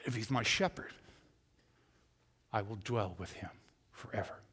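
A man preaching a sermon who acts out voices and swings from loud to hushed. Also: lowish voice, a little slow, husky, big-room sound. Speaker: pastor. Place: church.

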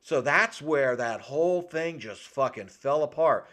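A man's voice: fairly high pitch, lively intonation, unhurried, a bit bright. A man co-hosting a casual chat, retelling a film's plot with lots of swearing and acted-out quotes. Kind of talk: casual movie recap chat.

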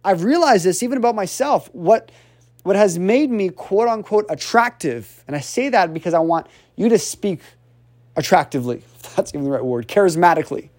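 A man coaching on communication in an energetic, motivational way, often checking in with his listeners. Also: sits high, a little fast. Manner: energetic, checks in with "right?" constantly; swings voice up and down to demonstrate tone. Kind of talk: animated motivational teaching.

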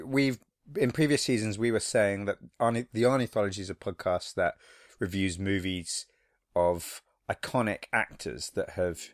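A man's voice: fairly low pitch, no echo, clean studio sound. A man co-hosting a podcast in casual chat, breaking into playful impressions and silly voices. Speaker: podcast co-host.

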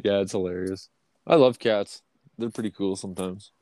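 A man with a fairly low voice talks in a loose, rambling way, stoned and yawning as he goes. His chat is casual and crude, thick with swearing and broken up by frequent laughs. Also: normal speed, a little mellow, dry recording. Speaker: podcast host.

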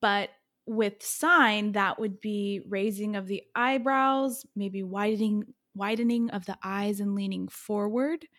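A woman's voice: medium pitch, fairly even intonation, slow pace, a bit bright. A woman hosting a podcast, asking curious, upbeat questions in a casual interview. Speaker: podcast host.

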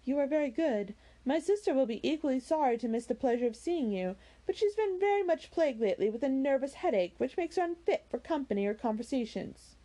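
Woman voicing a composed young lady, polite, guarded, measured. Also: high-pitched, animated, dark tone, voice pushed up.

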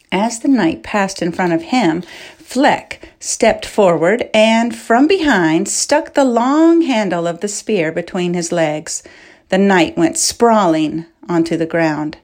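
A woman reads a novel aloud in an unhurried, measured way. Her voice sits on the low side, and she lets each sentence unfold very slowly. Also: a little mellow. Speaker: audiobook narrator. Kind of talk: scripted narration of a novel.

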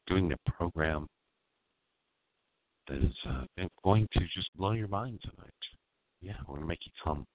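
Deep-voiced man hosting a raunchy show. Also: no room sound. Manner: crude, mock-seductive, rambling. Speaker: radio show host. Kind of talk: raunchy comedy talk show. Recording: dry tinny phone-like sound.

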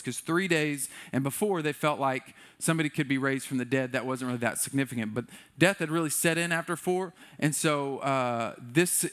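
A man's voice: medium pitch, fairly bright tone. A man preaching a sermon in a loose, conversational way, often acting out what people in the story say. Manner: conversational, playful, acts out quotes. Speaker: pastor.

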